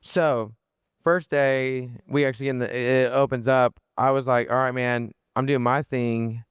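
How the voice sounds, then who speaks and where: Young male podcast guest, smooth clear voice, mid pitch, animated rambling storyteller. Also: unhurried, no echo, studio quality. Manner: animated, lots of fillers and restarts, swears freely. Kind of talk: casual storytelling.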